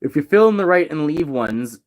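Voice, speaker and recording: Young man, fairly high voice, teasing, mock-teacherly, casual chat. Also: expressive, brisk.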